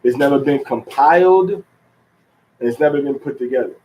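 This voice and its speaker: A man teaching a religious lesson in an unhurried, halting way, with many fillers and restarts, drawing out the words he stresses. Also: mid-range voice, a little mellow, low-quality recording. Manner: drawn-out stress on key words. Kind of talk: teaching talk.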